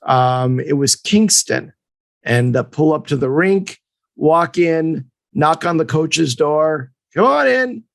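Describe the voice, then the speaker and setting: A man in his fifties from Montreal, co-hosting a podcast and telling a casual story in an animated way, acting out the people in it. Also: on the high side, takes it slowly, no echo. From Montreal, Canada. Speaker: podcast co-host and hockey agent.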